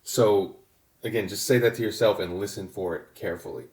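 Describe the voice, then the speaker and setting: Low-voiced man teaching in an echoey room. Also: a little fast, darkish tone. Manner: patient, methodical, with frequent fillers and restarts. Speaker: songwriting instructor. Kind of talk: explanatory lesson.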